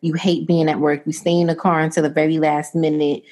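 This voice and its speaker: Low-voiced woman telling a workplace story. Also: fairly quick. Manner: animated storyteller, quotes herself and others in voices. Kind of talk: casual chat, storytelling.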